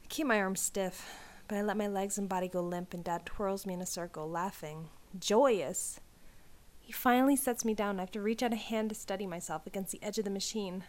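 A woman reading a first-person story aloud, hoarse and clearing her throat, redoing lines and laughing at her slips. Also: medium pitch, a little fast, darkish tone. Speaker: audiobook reader and author.

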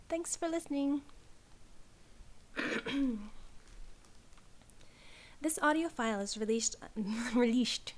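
A woman reading a first-person story aloud, hoarse and clearing her throat, redoing lines and laughing at her slips. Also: on the high side, slow pace, pauses often. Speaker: audiobook reader and author.

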